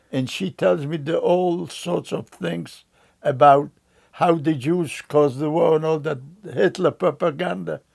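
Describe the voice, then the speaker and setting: An older man recounting memories in an interview, telling his story in a slow, halting way with frequent restarts. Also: on the high side, creaky, darkish tone.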